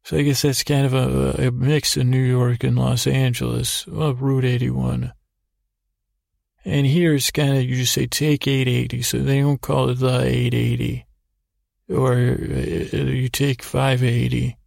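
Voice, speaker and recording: Male sleep-story narrator, heavy vocal fry, even delivery, wanders and restarts. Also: mid-range voice, dry recording, studio quality. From United States. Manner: meandering, halting, full of restarts. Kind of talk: rambling improvised bedtime story.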